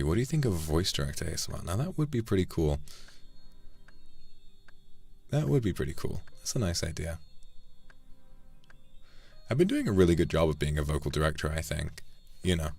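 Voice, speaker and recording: A male livestreamer in a relaxed, intimate casual chat, reading out donations and talking over a desk mic. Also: extremely low pitch, creaky. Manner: relaxed, intimate, drifts between speaking and soft murmurs.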